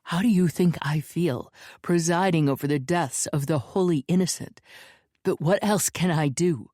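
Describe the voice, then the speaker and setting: A woman voicing an anguished, stern older man who argues forcefully and pleads his case. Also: lowish voice, normal speed, dry recording, studio quality, close to an everyday voice.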